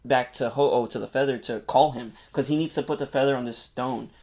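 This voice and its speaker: A man on a podcast excitedly retelling a movie plot in casual, rambling chat, full of filler words and swearing. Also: medium pitch, brisk. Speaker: podcast co-host.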